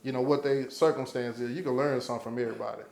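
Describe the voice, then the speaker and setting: A male podcast guest tells a story in casual chat, cursing freely and acting out what people said with animated, profane energy. His medium-pitched voice comes out rapid-fire with vocal fry. The sound is roomy, with slight background noise.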